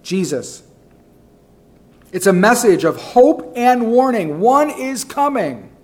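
Emphatic high-voiced male preacher. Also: very animated, slow. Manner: emphatic, repeats key phrases; swings between soft low asides and loud rising calls. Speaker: pastor. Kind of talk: sermon.

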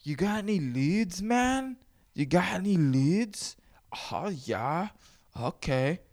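Man doing a dazed stoner girl, pitched way up. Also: sing-song, slow, a little mellow, dry recording, clean studio sound, full character voice. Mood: spacey. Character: spacey stoned woman from a comedy film.

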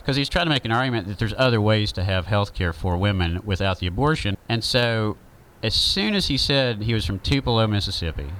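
A man's voice: on the low side, expressive, brisk, a bit bright, rough recording. A man with a Southern accent, talking through an opinion monologue in a rambling, conversational way with many fillers.

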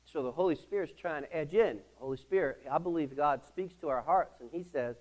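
A pastor telling a self-deprecating story in his sermon, animated and asking the congregation questions. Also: medium pitch, brisk, few pauses, rough recording. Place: church service.

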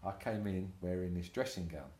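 A low, fairly quick voice belongs to an older tattoo artist being interviewed casually in a room of his tattoo shop, where the sound echoes. His anecdotes are animated, full of free swearing and acted-out quotes.

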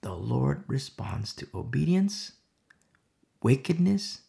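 A man's voice: mid-range voice, sing-song, slow, vocal fry, warm tone. A man teaching a Bible study in sermon style, emphatic, who repeats rhetorical questions and sometimes drops to a whisper.

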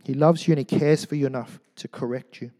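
A middle-aged man preaching a sermon in church, animated and joking, swinging from loud to hushed. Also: mid-range voice, quick pace, big-room sound. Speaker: pastor.

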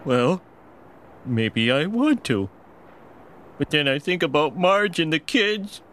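An actor playing a bumbling, nervous middle-aged cartoon dad who blurts out whiny lines. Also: male voice, fairly high pitch, big pitch swings, slow, fairly bright tone, heavily acted. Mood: wistful. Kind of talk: cartoon voice acting.

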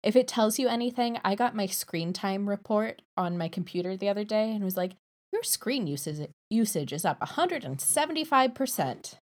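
A woman's voice: medium pitch, expressive, moderate pace. A woman co-hosting a podcast in casual chat, playful and swearing offhandedly. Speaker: podcast co-host.

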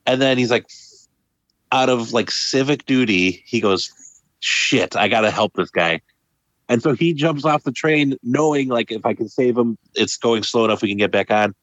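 A man's voice: medium pitch, moderate pace, no echo. A man co-hosting a casual film discussion, talking animatedly and acting out characters' lines. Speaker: podcast co-host. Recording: dull lo-fi sound.

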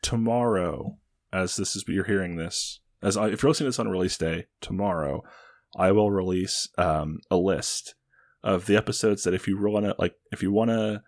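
A young man with a very deep voice tells a loose, rambling story for a comedy podcast, stacking up filler words as he goes. The sound is dry and close, with no room echo. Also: normal speed. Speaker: podcast co-host pitching a movie sequel. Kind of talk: casual comedic chat.

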